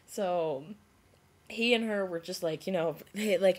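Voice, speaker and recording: A young woman vlogging to a self-filmed camera, retelling a story in a rambling, animated way with lots of "like" and restarts. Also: mid-range voice, unhurried. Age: young adult. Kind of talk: casual storytelling vlog.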